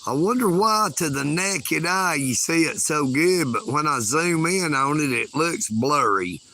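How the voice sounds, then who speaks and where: A man's voice: on the high side, lively intonation, unhurried, sharp tone, slight background noise. A man, chatting casually and folksily on a livestream outdoors at night. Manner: folksy, calls himself a hillbilly. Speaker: livestream host.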